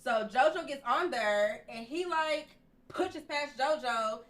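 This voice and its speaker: A woman's voice: high-pitched, slow pace. A young adult woman hosting a podcast, telling a story in casual chat and acting out what people said. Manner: lively storyteller who acts out what people said. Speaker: podcast host.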